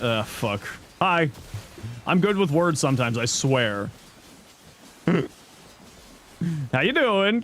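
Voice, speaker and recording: A man's voice: a little high, sing-song, slow pace, pauses often, fairly bright tone, a little hiss or hum. A man in his thirties casually chatting on a game stream, answering chat with loose jokes and mild swearing. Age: 30s.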